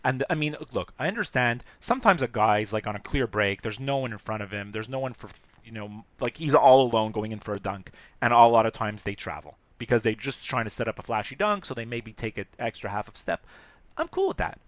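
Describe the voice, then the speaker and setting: A man co-hosting a casual sports podcast, talking in an animated, rambling way and laughing often. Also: medium pitch, brisk, no echo. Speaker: podcast co-host.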